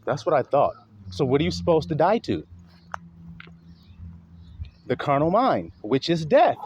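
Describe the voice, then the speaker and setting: A man's voice: moderate pace, pauses often, slight background noise. A man preaching a sermon, calling out rhetorical questions to his listeners and acting out exaggerated voices. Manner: animated, swings pitch widely, acts out exaggerated voices.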